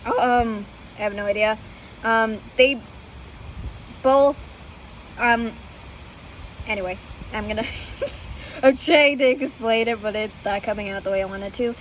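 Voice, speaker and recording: A woman's voice: medium pitch, steady tone, slow, long pauses, a little hiss or hum, poor audio. A woman vlogger telling history in a casual, hesitant way, with many fillers and self-corrections, often laughing at herself. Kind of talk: casual unscripted storytelling.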